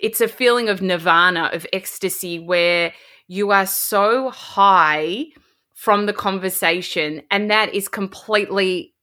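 A woman's voice: mid-range voice, measured pace, sharp tone. A woman with an Australian accent, a podcast host being interviewed over a video call, speaking in an enthusiastic, heartfelt way. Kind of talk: casual interview chat.

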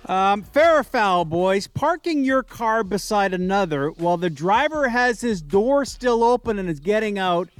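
A man co-hosting a sports talk show, telling stories in a lively, emphatic, casual way. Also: high-pitched, measured pace, hardly any pauses, clean tone, no echo, faint music behind. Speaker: sports radio co-host.

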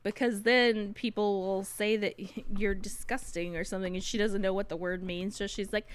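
A woman's voice: medium pitch, fairly even intonation, moderate pace, hardly any pauses, clean tone. A woman co-hosting a casual podcast chat, emphatic and opinionated, laughing often. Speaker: podcast co-host.

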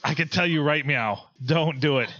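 A man's voice: a little high, normal speed, dull audio, crowd noise. A man hosting a podcast, chatting and joking with his co-hosts. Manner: joking, animated banter. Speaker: podcast host. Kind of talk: casual chat.

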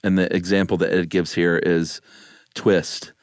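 A man with a very low voice co-hosting a podcast in relaxed chat. He teases his partner and laughs often. The recording is close and dry. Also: a little slow, dry recording. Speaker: podcast co-host. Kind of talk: casual chat.

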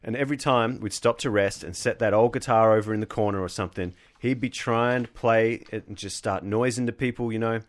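Man doing a Southern-accented old bluesman, drawling storyteller, low register. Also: steady tone, a little fast, few pauses, close to an everyday voice. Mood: reminiscing. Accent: Southern US, put on. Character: old Southern bluesman recalling his youth.

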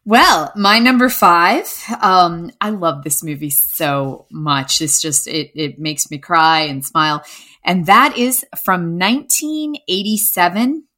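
A woman's voice: lowish voice, slow, bright, forceful tone. A middle-aged woman co-hosting a podcast in casual film chat, telling stories in an easygoing way. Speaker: podcast co-host.

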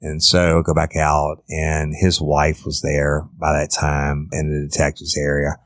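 A middle-aged former detective, telling a case story in a blunt, profane, casual way. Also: male voice, extremely low pitch, monotone, measured pace, no room sound. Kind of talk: casual true-crime storytelling.

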